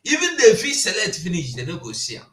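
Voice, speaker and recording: A man's voice: high-pitched, wildly swooping pitch, fast talker, fairly bright tone. A man with a Nigerian accent giving impassioned political commentary, switching into Pidgin and laughing as he talks. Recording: roomy echo.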